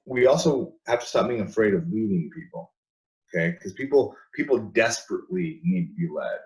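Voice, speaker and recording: A man's voice: lowish voice, lively intonation, a little fast, darkish tone, poor audio. A man talking as a guest in a casual interview, emphatic, repeating and restarting his words, laughing between points.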